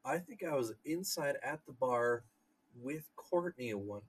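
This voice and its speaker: A man in casual chat, slowly and hesitantly recalling a night out. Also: mid-range voice, expressive, husky, rough recording.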